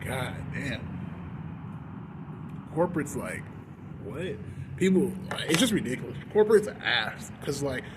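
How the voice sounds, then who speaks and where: Profane rambling man venting. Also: medium pitch. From Texas. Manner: loose, profane and rambling, with many fillers. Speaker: fast food worker venting. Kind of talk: casual ranting vlog. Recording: noisy background.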